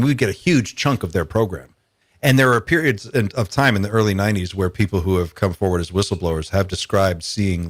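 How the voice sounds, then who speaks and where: A man's voice: low-pitched, no room sound. A man hosting a podcast in casual chat, thinking aloud in a musing, speculative way. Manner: musing, speculative, many fillers. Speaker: podcast host.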